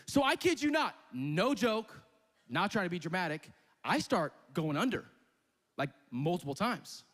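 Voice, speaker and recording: A young man preaching with a high, lively voice that swings from joking to shouting. His story rings out with a long reverb, as in a large church hall. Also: unhurried. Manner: animated and comic, shouting at peaks. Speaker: pastor. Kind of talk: sermon storytelling.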